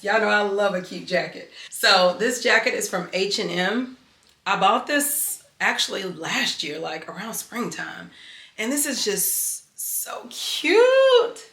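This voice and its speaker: Woman vlogger, bright and chatty, speaks to camera in a roomy home office. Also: medium pitch. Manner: chatty, animated, talks straight to viewers. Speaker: fashion and lifestyle vlogger. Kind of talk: casual chat to camera.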